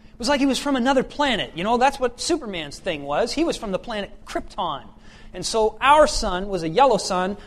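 High-voiced male preacher. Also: big pitch swings, fairly quick, fairly bright tone. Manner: conversational, with fillers and restarts, rising to emphatic questions. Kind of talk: scripture reading and sermon.

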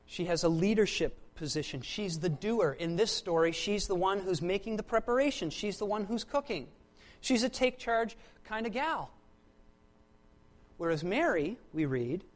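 A preacher with a medium-pitched voice gives a sermon, repeating words for emphasis and shifting between loud, pressing stretches and hushed, quiet ones.

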